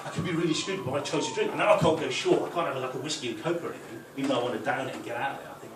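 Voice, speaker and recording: A man's voice: medium pitch, rapid-fire, few pauses. A man doing a stand-up set in a club function room, telling a rambling story and checking in with the crowd. He is heard from a distance in an echoey room, with a noisy background of crowd ambience. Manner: storytelling with frequent "right?" tags. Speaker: stand-up comedian. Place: football club function room with a live audience.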